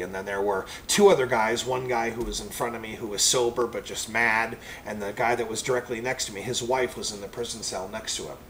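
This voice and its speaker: A man who is a preacher, telling a personal testimony story in a rambling, animated way. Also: lowish voice, a little hiss or hum, low-quality recording.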